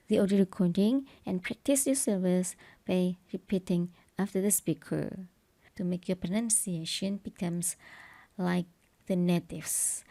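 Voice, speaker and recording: A woman teaching English pronunciation and grammar, explaining a textbook lesson slowly and stressing the example words. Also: mid-range voice, mellow.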